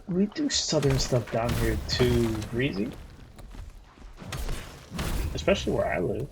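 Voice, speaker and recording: A man streaming a video game, chatting casually with viewers in a rambling, profane way full of fillers and restarts. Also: on the low side. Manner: talks back to viewers' chat messages. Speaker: gaming streamer. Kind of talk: casual livestream chat while playing. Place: living in Florida.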